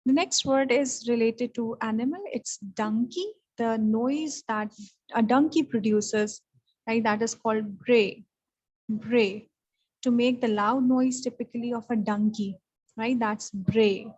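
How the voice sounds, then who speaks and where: A woman with a Pakistani English accent teaching English vocabulary in an online lesson, explaining each word and repeating it slowly. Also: a little high, darkish tone, breathy edge, dull audio.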